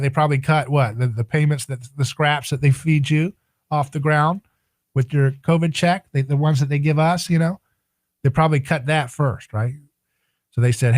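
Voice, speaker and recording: Male talk radio host, sarcastic monologue, mid-pitched voice, dry close sound. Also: normal speed, darkish tone, no room sound. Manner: sarcastic, rhetorical, mocking asides.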